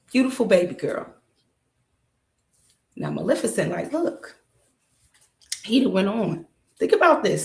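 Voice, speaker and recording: A woman hosting a podcast and retelling a story as casual commentary, emphatic and colloquial, often stopping to ask the listener rhetorical questions. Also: mid-range voice. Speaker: podcast host. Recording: roomy echo.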